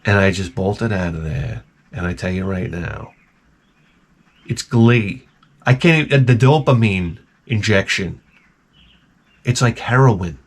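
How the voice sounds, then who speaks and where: A man hosting his own video, telling a rambling, profane story in an animated, casual way. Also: lowish voice, measured pace, pauses often. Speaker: video host.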